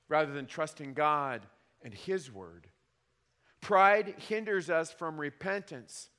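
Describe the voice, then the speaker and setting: A man in his thirties delivers a sermon as a pastor, his voice a touch high and his delivery animated and wry. He leans on emphatic repeats. The sound rings with the long reverb of a large church hall.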